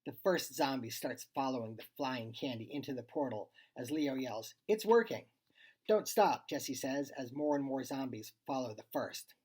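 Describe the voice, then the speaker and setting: Husky expressive story reader. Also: mid-range voice, moderate pace, few pauses. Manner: expressive, acts out dialogue. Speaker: reader of a child's short story. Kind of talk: storybook read-aloud.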